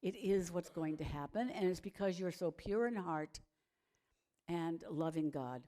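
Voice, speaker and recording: A gentle heavenly messenger in a storybook, reassuring and steady, voiced by a woman telling the tale. The voice sits low and warm, quiet and unhurried. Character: calm divine messenger speaking to a young woman.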